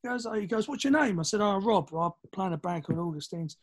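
Lively East London storyteller man. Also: sits high, quick pace. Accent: London English. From East London, England. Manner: animated, acts out quoted voices, swears casually. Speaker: podcast guest, drummer. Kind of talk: casual storytelling.

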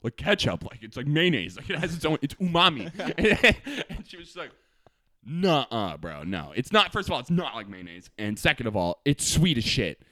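A man's voice: medium pitch, moderate pace. A man in his twenties co-hosting a casual podcast chat, telling stories animatedly, laughing often and acting out what others said. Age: 20s. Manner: animated storyteller, laughs often, acts out quotes. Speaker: podcast co-host.

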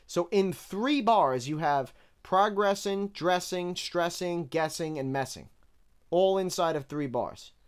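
Man picking apart rap rhymes, smooth voice. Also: high voice, slow pace. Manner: breaks down rhymes bar by bar, candid and relaxed. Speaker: rap lyric reviewer. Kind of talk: casual analytical commentary.

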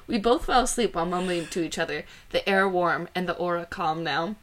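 A woman's voice: on the low side, fairly quick, a bit bright, slight background noise. A woman podcast co-host reading fan fiction aloud in a dramatic way, often breaking into laughter.

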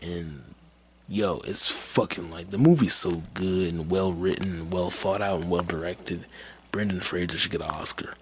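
A podcast host talking loosely about a film he watched, his voice sitting low. He rambles, stacks up fillers and swears freely. A faint hiss runs under the recording. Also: normal speed. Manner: rambling, profane, laid-back, with many fillers. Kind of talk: casual movie chat.

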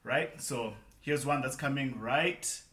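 A man from Zimbabwe co-hosting a casual podcast, energetic and upbeat, laughing often. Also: medium pitch, slow, echoey room. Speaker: podcast co-host.

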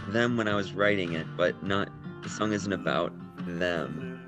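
A man's voice: deep voice, unhurried. A man casually talking about writing his songs, laid-back and rambling, often trailing off mid-thought. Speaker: songwriter discussing his album. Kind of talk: casual chat. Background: music.

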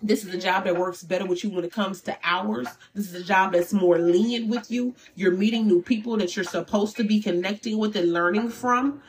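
A woman gives a general tarot reading in loose, chatty talk. She speaks candidly and animatedly, with slang and the occasional curse word. Her pitch sits in an ordinary middle range for a woman. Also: steady tone, a little fast, hardly any pauses. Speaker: tarot reader. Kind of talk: casual spiritual reading.

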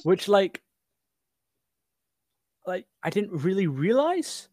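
A man's voice: sits high, sing-song, a little mellow, no room sound, studio quality. A man co-hosting a podcast, chatting casually about a film with many restarts and fillers. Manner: halting, many restarts and fillers, laughs often. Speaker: podcast co-host.

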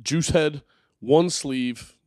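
A man's voice: fairly high pitch, drawn-out words, a little mellow, no room sound, clean studio sound. A young man hosting a podcast from his living room, rambling and joking crudely in casual banter. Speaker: podcast host.

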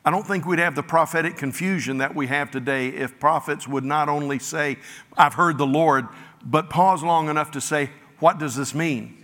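Bright-voiced male preacher in a hall. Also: moderate pace. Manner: animated, voices the disciples with rising pitch. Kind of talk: sermon with scripture reading. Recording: long reverb of a hall.

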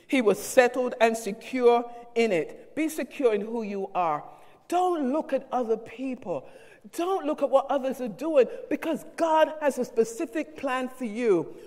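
A woman's voice: sits high, darkish tone. A woman minister preaching a fervent sermon with emphatic repetition in a church sanctuary. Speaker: associate minister. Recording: reverberant hall.

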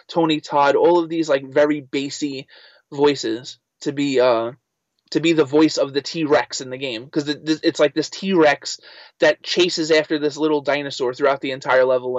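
Animated male guest telling stories. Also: a little high, no echo. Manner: animated, lots of filler "like". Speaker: guest, voice actor and writer. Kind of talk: casual interview storytelling. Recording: slightly muffled dry recording.

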